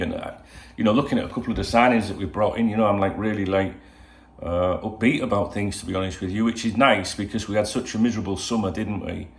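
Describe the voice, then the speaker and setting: An older man from England chats to his viewers at home, wandering through his thoughts with constant "you know" asides. His voice sits fairly low. The room around him sounds echoey. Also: vocal fry. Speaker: football channel host. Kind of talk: casual solo video chat. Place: at home indoors. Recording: roomy home echo.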